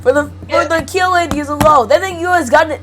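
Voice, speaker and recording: Young woman, high voice, giggly, stumbling, casual reading, faint background hiss. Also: a little fast, fairly bright tone, rough recording. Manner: giggly, playful, stumbles over words. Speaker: video host reading a wiki article.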